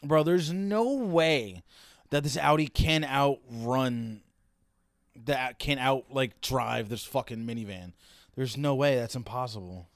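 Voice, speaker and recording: A man's voice: medium pitch, slow, no room sound, clean studio sound. Profane wisecracking young man. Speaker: reaction video host. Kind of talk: casual reaction commentary.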